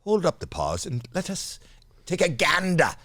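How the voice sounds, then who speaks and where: A man's voice: fairly high pitch, big pitch swings, normal speed, fairly bright tone, dry recording, studio quality. A man co-hosting improvised comedy banter, playful and silly. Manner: playful, silly, swoops into goofy exclamations. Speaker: co-host.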